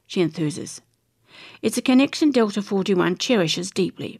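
A woman's voice: medium pitch, animated, moderate pace. An Australian woman reading entertainment news articles aloud, chatting and adding her own opinions between passages. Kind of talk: reading magazine articles aloud with casual asides.

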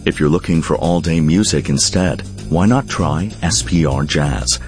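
A man reading a radio station promo as its announcer, in a smooth, friendly way. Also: a bass voice, moderate pace, faint music behind.

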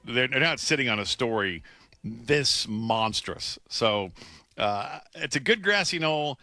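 A man's voice: mid-range voice, animated, takes it slowly, pushed and bright, no room sound, studio quality, soft background music. A man co-hosting a sports radio show, talking loosely and jokingly and often repeating words as he starts a thought. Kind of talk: casual sports radio talk.

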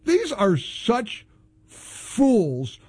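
High-voiced guy on talk radio, super sarcastic, swings all over the place. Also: drawn-out words, breathy edge. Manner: sarcastic, mocking; animated, exclamatory. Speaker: radio talk show host. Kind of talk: opinionated talk radio monologue.

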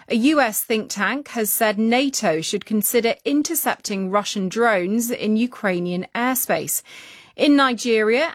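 Female news presenter, dry close studio sound, crisp read. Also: medium pitch, no room sound.

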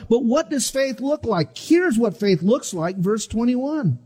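A middle-aged male pastor preaching with dramatic swings, acting out the people in his story as he goes. His voice sits high and sounds husky, with a mellow, dark tone. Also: big pitch swings, measured pace, few pauses. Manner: dramatic, acts out voices of the disciples. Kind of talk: sermon.

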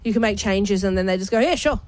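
A woman's voice: mid-range voice, little pitch movement, quick pace, a little mellow, no echo. A woman co-hosting radio, teasing and chatting casually. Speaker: radio co-host.

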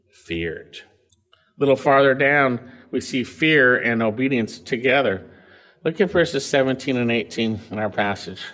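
A middle-aged man preaching a sermon, reading scripture aloud and then explaining it, his pitch rising and falling for emphasis. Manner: expressive, rises and falls in pitch for emphasis. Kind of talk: expository sermon.

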